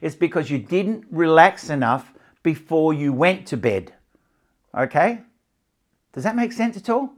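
A man's voice: on the high side, very animated, unhurried, pauses often. A man teaching stress relief and better sleep in a live talk to a small audience and a camera, repeating his points and checking that they follow.

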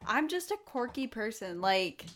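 A young woman in casual podcast talk who likes to tease. Her voice sits a little high. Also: big pitch swings, measured pace, fairly bright tone. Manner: playful, teasing. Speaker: podcast co-host. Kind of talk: casual chat.

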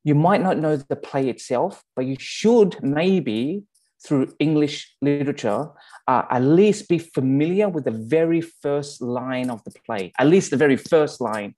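A man's voice: fairly high pitch, expressive, measured pace, a little mellow. Aussie guy preaching to his church, chatty, keeps asking okay?. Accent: Australian. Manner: conversational, checks in with 'okay?'. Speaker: pastor. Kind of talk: sermon.

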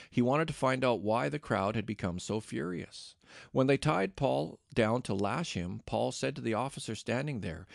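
Gravelly-voiced man reading scripture. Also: mid-range voice, no echo, studio quality. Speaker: scripture reader. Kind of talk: scripted narration.

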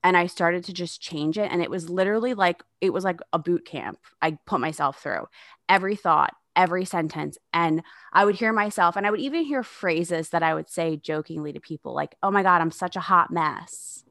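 Woman in her 30s, low voice, gravelly fry, frank and sarcastic, dry close sound. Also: a little fast, dry recording. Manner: frank, sarcastic, swears freely. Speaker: guest. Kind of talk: candid podcast conversation.

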